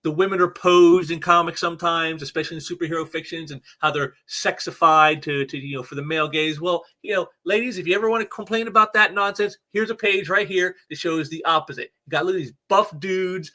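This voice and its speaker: A man's voice: a little high, sharp tone. A man casually reviewing a comic book, rambling with many restarts and fillers, and stressing key words for emphasis. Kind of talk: casual commentary while reading aloud.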